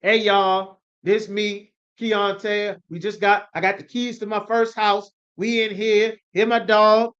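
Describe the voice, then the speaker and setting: A man's voice: sits high, level tone, unhurried, few pauses, a bit bright, clear, resonant tone. A man acting out a proud young guy showing off his first house, boastful and loose in his casual street talk. The sound is slightly muffled and lo-fi.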